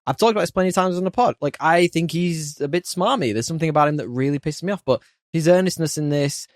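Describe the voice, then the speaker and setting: A man hosting a podcast, chatting casually and opinionatedly about a film, animated and quick to laugh. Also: a little high, no room sound, clean studio sound. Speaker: podcast host. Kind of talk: casual film review chat.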